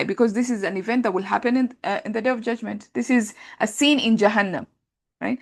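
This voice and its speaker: A woman teaching an Arabic grammar class, talking through translations in a relaxed conversational way with many fillers. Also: medium pitch, a little fast, gravelly. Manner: explains patiently, thinks aloud with many fillers; reads translations aloud and compares them.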